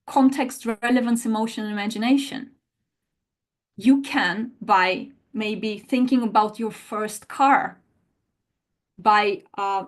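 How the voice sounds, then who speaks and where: A woman with a fairly high voice leads an online language lesson. She explains in a lively, talkative way, often circling back to rephrase and repeat her points. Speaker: language teacher.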